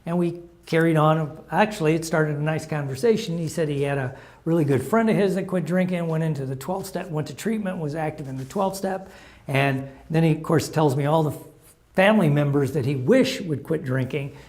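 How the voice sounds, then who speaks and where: A man's voice: fairly high pitch, a little fast, a little mellow. A middle-aged man giving an informal talk on recovery steps, sharing stories in a conversational, anecdotal way. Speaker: recovery program speaker.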